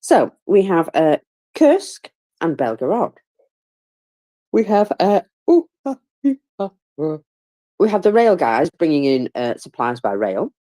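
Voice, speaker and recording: A woman with a low voice that swings widely in pitch, talking through a war update in a loose, chatty way. She sounds tired and keeps stifling yawns, yet stays wry and pokes fun at herself between fillers and asides. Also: big pitch swings, measured pace, warm tone. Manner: wry, self-mocking humor. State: tired, yawning. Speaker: war commentator. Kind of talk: casual live audio-room commentary.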